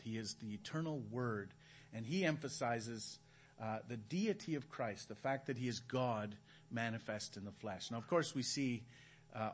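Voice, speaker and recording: A man with a mid-range, fairly bright voice gives Bible teaching from the Gospels in a chapel's church hall. He keeps it conversational and keeps posing questions to the audience.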